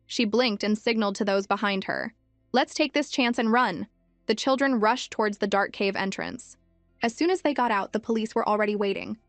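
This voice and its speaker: Woman narrating a story over soft music. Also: medium pitch, brisk, dry recording. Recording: dry close mic with faint music.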